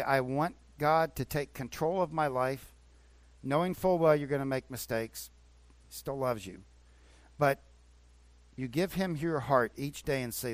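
A man's voice: a little high, no room sound. A man preaching a sermon as a pastor, talking earnestly and conversationally, repeating phrases for emphasis. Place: church.

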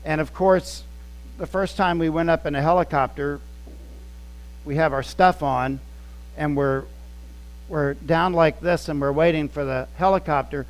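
High-voiced pastor telling a story. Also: male voice, fairly even intonation, measured pace, long pauses, rough recording. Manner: conversational, anecdotal, acting out scenes. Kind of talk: storytelling sermon.

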